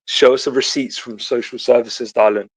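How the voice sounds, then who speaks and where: A man's voice: mid-range voice, steady tone, moderate pace, breathy edge, no room sound. A man arguing live on a stream, answering insults with sarcastic, amused retorts. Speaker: guest in an argument. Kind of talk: heated live argument.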